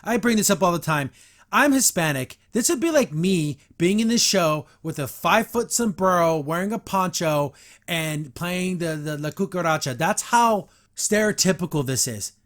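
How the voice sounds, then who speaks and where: A man's voice: high voice, animated, normal speed, a bit bright. A man hosting a podcast, giving a blunt, sarcastic, exasperated review of an episode in casual commentary. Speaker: podcast host.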